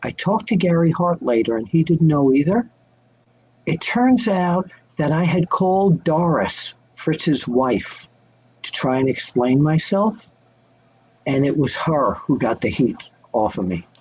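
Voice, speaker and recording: An older man telling wrestling-magazine stories on a video call, lively and acting out the voices of people he quotes. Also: fairly high pitch, measured pace, highs cut off, slight background noise. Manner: animated, acts out quoted voices. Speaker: guest answering fan questions. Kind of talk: casual storytelling chat.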